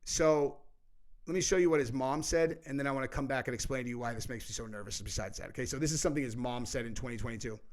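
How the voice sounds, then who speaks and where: A man's voice: medium pitch, fast talker. A man hosting a political commentary show, talking in a heated, rambling way with lots of swearing and "dude". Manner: heated, profane, says "dude" often; rambling, with many fillers and restarts.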